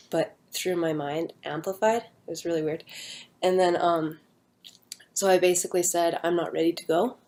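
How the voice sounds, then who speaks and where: A young woman with a voice on the low side casually recounts a personal near-death story. She rambles with many fillers in an earnest, hushed manner.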